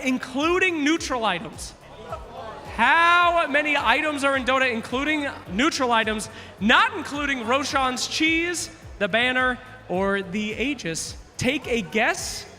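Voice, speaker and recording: Very high, sharp-voiced man hosting on stage. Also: animated, takes it slowly. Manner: loud, playful, teasing, often shouting to the crowd. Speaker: quiz host at a live esports event. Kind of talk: energetic stage hosting to a crowd. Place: large live event arena. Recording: echoey arena hall with music.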